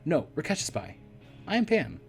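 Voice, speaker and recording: A hoarse man voicing a playful young college woman with a Mexican Spanish accent, in a game read-through. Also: on the high side, very animated, normal speed, soft background music, pitched above the performer's own voice. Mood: teasing. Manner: teasing, playful.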